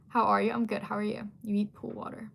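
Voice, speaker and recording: A woman's voice: mid-range voice, flat delivery, brisk, gravelly, a bit bright. Chatty young woman reading live comments. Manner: chatty, filler-heavy, giggly asides. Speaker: livestream host.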